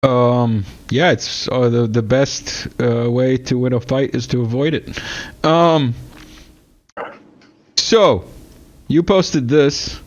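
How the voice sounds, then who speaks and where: A man's voice: mid-range voice, slow, pauses often. A man hosting a casual political podcast, hesitant and joking as he reads news items to his guest. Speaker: podcast host. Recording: slightly dull lo-fi sound.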